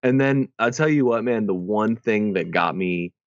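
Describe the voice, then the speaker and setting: Low-voiced man telling stories in casual chat. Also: moderate pace, no echo, highs cut off. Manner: rambling storyteller, lots of "like" and "man". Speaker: podcast co-host.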